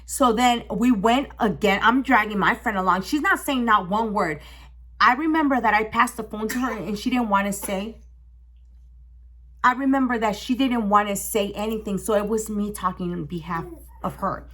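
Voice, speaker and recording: A young woman telling a storytime on her vlog, emotional and animated, swearing freely. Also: medium pitch, moderate pace. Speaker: vlogger. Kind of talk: casual storytime.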